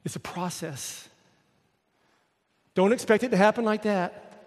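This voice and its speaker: High-voiced preaching man, echoing hall. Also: a little slow. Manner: emphatic, repetitive storytelling. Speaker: pastor. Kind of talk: sermon. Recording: long hall reverb.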